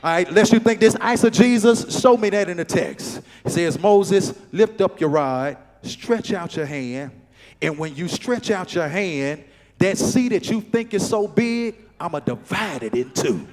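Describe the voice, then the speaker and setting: A man preaching a sermon as pastor, repeating phrases and calling on the congregation to answer, building up to shouts. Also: high voice, lively intonation, unhurried. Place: church sanctuary. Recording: church hall reverb with faint music.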